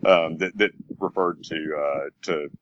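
A man's voice: rumbling low, fairly even intonation, a little slow, highs cut off, a little hiss or hum. A man with a Southern US accent, talking hesitantly about a film on a podcast. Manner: hesitant, chuckling, lots of fillers. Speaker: podcast co-host. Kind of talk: casual film discussion.

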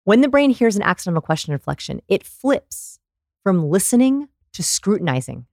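A woman guest on a podcast, explaining research in an animated, storytelling way and acting out examples. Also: medium pitch, normal speed, creaky, no room sound, studio quality. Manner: animated storyteller, demonstrates voices. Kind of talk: conversational explaining.

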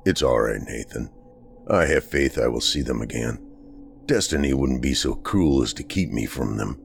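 A man's voice: extremely low pitch, expressive, normal speed, creaky, a little hiss or hum, voice pushed down, exaggerated voice. Man voicing a grim man resigned to fate. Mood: sorrowful, subdued.

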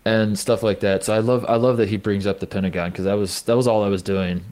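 A man's voice: lowish voice, fairly even intonation, fast, darkish tone. A man from Indiana co-hosting a sports podcast, rambling and joking through casual chat and laughing often. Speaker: podcast co-host.

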